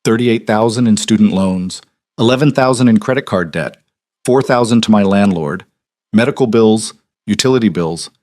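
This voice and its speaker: A man's voice: lowish voice, moderate pace, a little mellow, no echo, clean studio sound, close to an everyday voice. A man voicing a frightened young waitress who stammers through her apologies. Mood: flustered.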